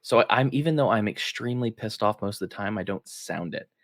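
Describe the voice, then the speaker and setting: A man's voice: fairly low pitch, a little fast, no room sound, clean studio sound. A man co-hosting a political podcast, chatting casually in an upbeat way and laughing often. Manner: upbeat, laughs often, reads headlines aloud. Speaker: podcast co-host.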